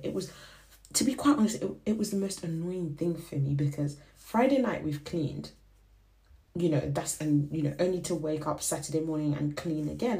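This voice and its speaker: A young woman whose first language is Shona hosts a podcast, telling a faith reflection in a casual, animated way and acting out the voices she quotes. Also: deep voice. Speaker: podcast host.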